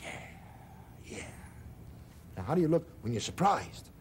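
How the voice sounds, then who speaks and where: Brief: man, unhurried and very expressive, playful kids'-show chat, faint noise. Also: on the high side. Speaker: playing a face game with a girl.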